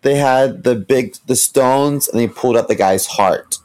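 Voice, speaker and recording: A man in casual podcast chat, rambling and cracking deadpan jokes. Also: mid-range voice, unhurried.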